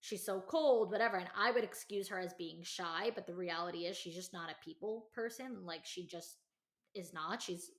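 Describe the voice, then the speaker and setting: A woman hosting a podcast, telling a personal story in casual chat, full of "like" and "you know", and acting out quotes with lively energy. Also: moderate pace. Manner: chatty, heavy use of "like" and "you know"; animated, acts out quotes in a higher voice. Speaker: podcast host.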